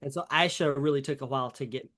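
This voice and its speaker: A man's voice: mid-range voice, fast, a bit bright. A man with a Southern US accent, co-hosting a podcast in a chatty, rambling way with many fillers. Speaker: podcast co-host. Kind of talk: casual chat.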